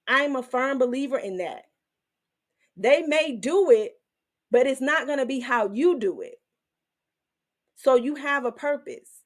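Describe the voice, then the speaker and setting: A woman hosting her own faith channel, teaching and testifying in an emotional, animated way, with some in her speech. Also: on the high side. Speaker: Christian women's channel host.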